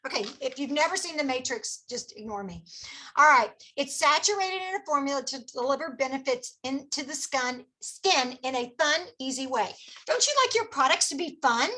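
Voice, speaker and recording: A woman's voice: high voice, lively intonation, normal speed, bright, forceful tone. A woman beauty consultant giving an upbeat, folksy skincare product presentation to a group of friends, coaxing them along with questions. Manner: upbeat and folksy, coaxes her audience with questions.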